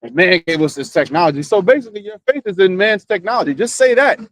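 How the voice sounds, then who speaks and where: High-voiced man giving a fervent rebuke. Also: expressive, fast, a bit bright, no room sound. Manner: fervent, rebuking, rhetorical questions. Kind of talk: casual religious discussion.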